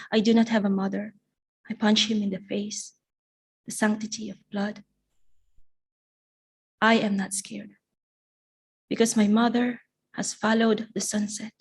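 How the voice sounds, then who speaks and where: A woman poet reads her work aloud at a live event. She takes her time, letting each line settle in a slow, deliberate recitation, her voice sitting in an ordinary middle register. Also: medium pitch, a little mellow. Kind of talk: live poetry reading.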